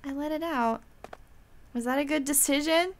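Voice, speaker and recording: Excitable high-voiced woman gamer. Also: normal speed, slight background noise. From United States. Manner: excitable, squeals and gasps, reads game text aloud. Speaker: gaming video host. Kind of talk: let's play commentary. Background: game music.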